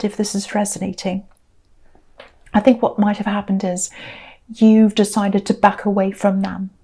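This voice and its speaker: Tarot reader, woman, higher-pitched but mellow, loose and chatty, repeats phrases. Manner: chatty, searching, repeats herself. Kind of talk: casual spoken tarot reading.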